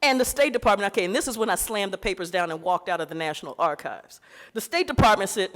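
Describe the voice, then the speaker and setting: A woman delivers a conference keynote as a lively historical lecture. Her pitch sits in a middle range for a woman. She tells it like a story and slips into the voices of the people she quotes. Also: fast talker. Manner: animated storytelling, acting out quoted voices, laughing. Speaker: keynote speaker. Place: conference hall.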